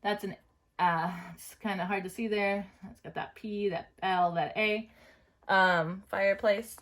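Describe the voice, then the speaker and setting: A woman teaching a phonics and dictation lesson, dictating slowly word by word and checking in with students. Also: mid-range voice, fairly even intonation, a bit bright. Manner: slow, careful word-by-word dictation; checks in with "right?" and "okay?".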